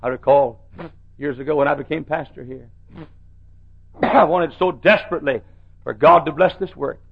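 Middle-aged man, pastor preaching from the pulpit, fairly high voice, dull old recording. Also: moderate pace, creaky, pauses often. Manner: preaching with big swings from soft to shouted. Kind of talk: sermon.

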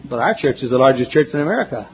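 A man preaching a sermon, telling folksy stories and swinging between loud emphatic questions and hushed asides, in a church. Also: medium pitch, very animated, very fast, slight background noise. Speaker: pastor. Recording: dull lo-fi sermon recording, faint ambience.

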